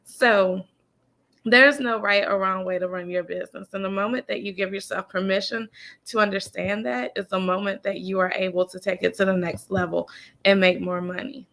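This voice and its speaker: A woman with a gravelly edge to her voice delivers a faith-based motivational talk as a business coach. She preaches emphatically, repeats her key lines, and speaks to listeners in a folksy way. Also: medium pitch, fairly even intonation, moderate pace, a bit bright. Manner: folksy, addresses listeners as y'all and honey.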